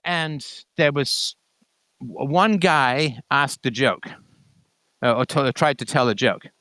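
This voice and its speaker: A man's voice: mid-range voice, takes it slowly, bright, forceful tone, dry recording. A middle-aged man hosting a call-in show, explaining points to a caller with repeated catchphrases and quoted examples. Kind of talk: conversational monologue to a caller.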